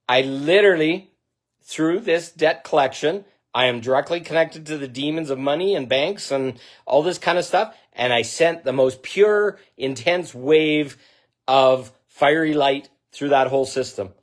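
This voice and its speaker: A man speaking straight to his viewers in an intense, profane, emphatic rant, starting off halting and sighing. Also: medium pitch. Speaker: vlogger. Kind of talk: direct-to-camera monologue.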